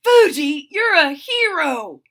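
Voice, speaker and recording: A woman voicing an eager young male puppy in a storybook read-aloud, exclaiming loudly. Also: very high voice, big pitch swings, takes it slowly, pitched above the performer's own voice, exaggerated voice. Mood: excited.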